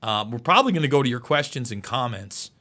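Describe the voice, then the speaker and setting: A man's voice: mid-range voice, lively intonation, fast, sharp tone. A man hosting live political commentary, emotional and repeating himself as he stumbles over words.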